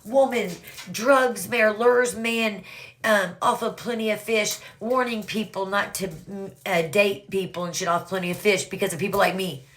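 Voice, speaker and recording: A woman's voice: mid-range voice, steady tone, moderate pace, hardly any pauses, fairly bright tone. A woman casually telling her own story to viewers, rambling and swearing freely, often calling out "you guys".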